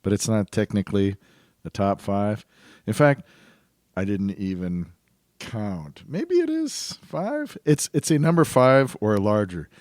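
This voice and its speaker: Slow-talking, chatty podcast host man. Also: fairly low pitch, very animated, darkish tone, no echo, clean studio sound. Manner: rambling, enthusiastic, chatty. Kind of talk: casual podcast monologue.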